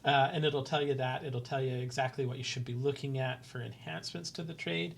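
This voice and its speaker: A man's voice: medium pitch, steady tone, fairly quick, gravelly. Regular guy hosting a webinar, upbeat, lots of ums, showing charts. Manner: casual, upbeat, filler-heavy. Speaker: webinar host. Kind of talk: webinar hosting and software demo.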